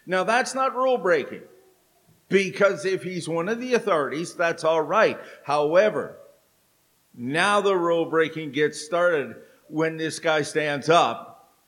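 A middle-aged man preaching a sermon in church, telling stories with dramatic pauses. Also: on the high side, a bit bright. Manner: slow, storytelling delivery with dramatic pauses. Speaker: pastor. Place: church sanctuary.

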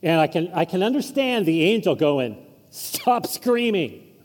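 A man's voice: fairly high pitch, big pitch swings, normal speed, big-room sound. A man preaching a conversational sermon as a pastor, informal and chuckling through asides. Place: church sanctuary.

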